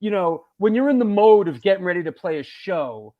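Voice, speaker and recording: Chatty high-voiced male host. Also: sing-song, brisk, muffled recording. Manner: chatty, filler-heavy. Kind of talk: casual interview chat.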